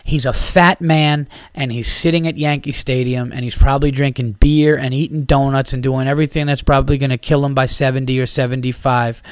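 A man's voice: medium pitch, a little fast, hardly any pauses, clean tone, no echo. A young man hosting his own podcast, a stand-up comic ranting casually, swearing freely and slipping into sarcasm. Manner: profane, animated and sarcastic, rambling with fillers. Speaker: podcast host and stand-up comedian. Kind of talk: casual solo podcast rant.

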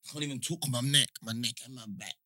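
A young man with a London accent, hosting a podcast and telling stories in animated, slang-heavy casual chat. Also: medium pitch, fast talker, dry recording. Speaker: podcast host.

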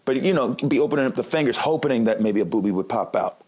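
A man's voice: mid-range voice, animated, quick pace, a little mellow, breathy edge. A man in his late thirties, a comedian, telling joking, self-deprecating stories in a monologue. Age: late 30s. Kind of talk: comic storytelling monologue.

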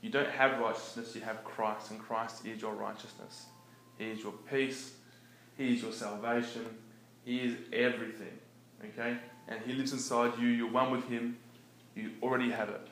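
A man preaching in a relaxed, conversational way, often chuckling between his points. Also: mid-range voice, moderate pace. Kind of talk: conversational sermon. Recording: echoey room with faint background noise.

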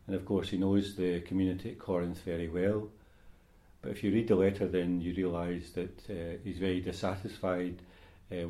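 A priest reading scripture at Mass and then giving a homily in a measured, unhurried way, with some hesitations. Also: male voice, sits low, warm tone. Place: church. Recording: roomy church echo.

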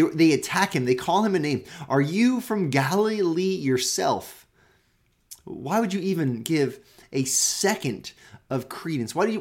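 A pastor teaching a daily devotional, reading scripture aloud and then paraphrasing it conversationally, often repeating words as he goes. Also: on the high side.

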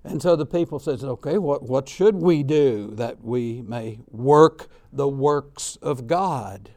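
A man preaching a sermon on baptism in an emphatic way, with frequent restarts and repeated words, shifting loudness and pace. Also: medium pitch, slow.

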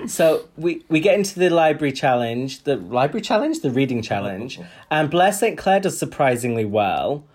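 A man's voice: on the high side, sing-song, normal speed, darkish tone. A man co-hosting a podcast, chatting and gossiping cheekily while recapping a TV show. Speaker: podcast co-host. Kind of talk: casual chat recapping a TV show.

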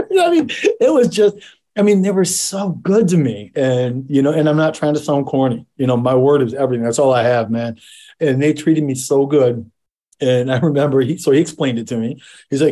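A man's voice: mid-range voice, expressive, normal speed, mellow. A middle-aged man, a medically retired police officer, telling his story as an interview guest in a rambling, casual way with frequent repeats and salty language.

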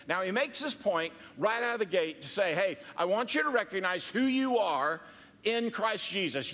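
A man's voice: high voice, fairly bright tone, big-room sound. A man preaching a sermon as a pastor, conversational and joking, with quoted asides.

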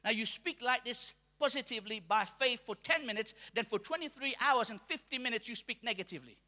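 Male preacher from mauritius, really high voice, sharp bright tone, big church echo. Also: fairly quick. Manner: call-and-response preaching, rising to shouts. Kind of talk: sermon. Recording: long hall reverb.

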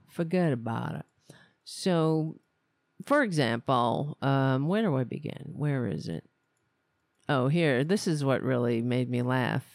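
A woman's voice: extremely low pitch, darkish tone, no echo, studio quality. A woman hosting a live political commentary stream, ranting with scorn and stumbling over her words.

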